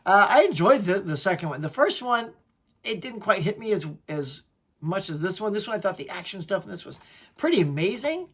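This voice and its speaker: A man's voice: high-pitched, big pitch swings, brisk, a bit bright, breathy edge. Man, channel host, casual upbeat show-and-tell at home, says "y'all" a lot. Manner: chatty, upbeat, peppered with "y'all".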